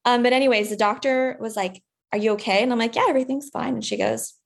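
A woman's voice: steady tone, fast talker, creaky. Chatty young woman acting out her own past lines. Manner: candid and chatty, acts out past dialogue in a higher voice. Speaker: podcast guest. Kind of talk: casual chat.

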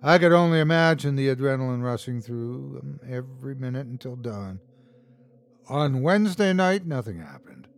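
A man reading a horror story aloud as host and narrator, tense and dramatic, shouting out the characters' lines. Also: mid-range voice, animated, moderate pace, gravelly.

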